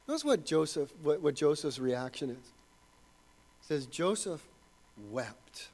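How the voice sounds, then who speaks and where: High-voiced earnest preacher man. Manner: earnest, swings between quiet and emphatic. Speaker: pastor. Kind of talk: sermon.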